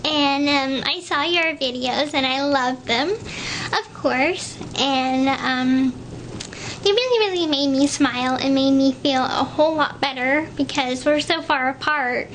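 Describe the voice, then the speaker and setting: A woman talks into her own video message from home. Her voice sits high and her pace is slow and gentle. She sounds affectionate and a little nervous, with faint background noise. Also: poor audio. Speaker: person recording video messages to a partner. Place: home, indoors.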